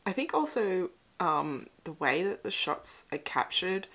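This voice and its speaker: A young woman giving a casual, excitable movie reaction commentary. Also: fairly low pitch, unhurried. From Australia. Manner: excitable, swears and laughs at the screen. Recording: noisy home recording.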